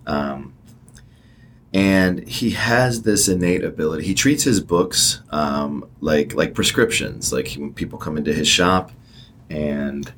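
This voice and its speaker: Very deep-voiced man chatting casually. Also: a little slow, slight background noise. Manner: relaxed, hesitant, many fillers. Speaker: co-host of a book show. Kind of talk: casual chat.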